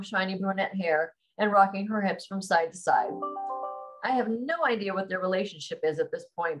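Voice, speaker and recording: A woman author reading her own romance novel aloud on a live stream, calm and steady, then chatting to viewers. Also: mid-range voice, low-quality recording.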